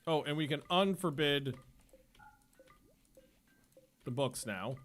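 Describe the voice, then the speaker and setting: A man streams a game and chats casually, rambling along, often cutting himself off mid-sentence and laughing at his own stories. His voice is on the high side with a fairly bright tone, and he takes it slowly.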